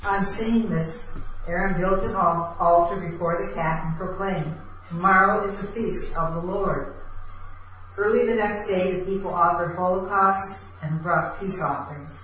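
A man reading a Bible passage aloud in a class, steady and measured. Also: high-pitched, slight background noise. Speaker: scripture reader in class. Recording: distant echoey lo-fi room recording.

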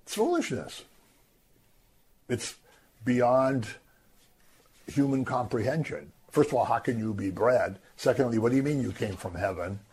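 A man teaching from the Bible in a lively, conversational way, acting out the crowd's voices. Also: mid-range voice, unhurried, pauses often, a little hiss or hum. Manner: animated, acts out voices of the crowd. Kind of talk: scripture teaching.

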